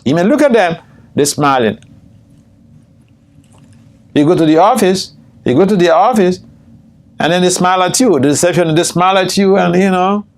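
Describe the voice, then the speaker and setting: An older man, a swami, teaching a scripture class, telling stories with frequent chuckles and jumping high in pitch when quoting people. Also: lively intonation, normal speed, long pauses. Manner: storytelling, chuckles often, jumps high in pitch for quoted speech. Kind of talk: scripture class with personal anecdotes. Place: temple room.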